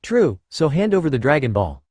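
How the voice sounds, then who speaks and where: A man's voice: a little high, very animated, a little fast, a little mellow, no room sound, clean studio sound. A man reading the lines of a smug, cruel young male villain in a menacing way.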